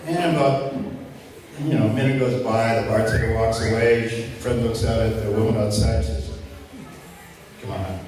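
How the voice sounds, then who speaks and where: A man's voice: lowish voice, fairly even intonation, a crowd in the background. Man emceeing from across an echoey hall. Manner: casual storytelling, halting with fillers. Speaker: talent show emcee. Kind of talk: telling a joke to an audience. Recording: echoey hall from far off, noisy.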